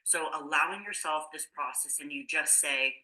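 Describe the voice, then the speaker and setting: A woman's voice: sits low, normal speed, bright, forceful tone, low-quality recording. A woman nutrition coach in casual conversation, explaining things with many fillers and restarts. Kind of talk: casual podcast chat.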